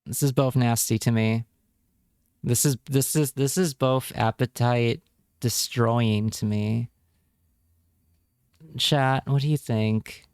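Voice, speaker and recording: A man's voice: medium pitch, steady tone, slow, pauses often, a little mellow, smooth, no echo, clean studio sound. A man streaming live, chatting casually with his viewers and reacting with wry remarks and repeated words.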